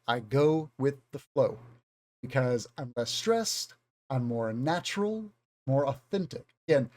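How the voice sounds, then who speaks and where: A man's voice: medium pitch, darkish tone. A man with a Southern US accent, an English teacher giving an unscripted, rambling video lesson. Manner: rambling, conversational, self-aware.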